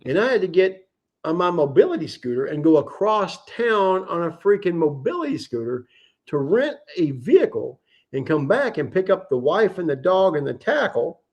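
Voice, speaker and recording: A fairly high-pitched man spins a long fishing yarn on his livestream. He is casual and salty, and he swears freely as he goes. He tells it with lively energy. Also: normal speed, highs cut off. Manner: animated, profane anecdote-telling. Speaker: livestream host. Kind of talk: casual storytelling.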